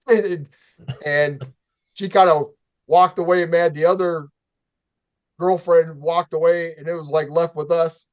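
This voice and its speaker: A man hosting a casual talk show, telling a story in an animated, profane way and acting out the quotes. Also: a little high, a little slow. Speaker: show host.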